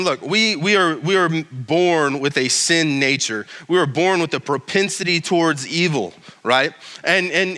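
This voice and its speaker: A man's voice: on the high side, sharp tone, in a large hall. A male pastor giving a casual, joking sermon with many restarts and reading scripture aloud.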